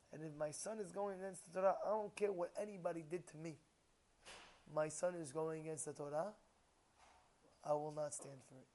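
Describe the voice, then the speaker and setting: A male rabbi giving a storytelling sermon, animated, acting out the people he quotes with sudden shouts and then dropping to a low murmur. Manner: drops to a low murmur between outbursts.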